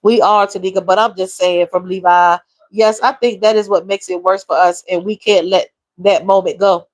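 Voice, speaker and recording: A woman's voice: mid-range voice, steady tone, normal speed, no echo, poor audio. A woman, talking openly and emotionally while reading out viewer comments. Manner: emotional, reads viewer comments aloud, drawls. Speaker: livestream host. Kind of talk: casual live-stream chat.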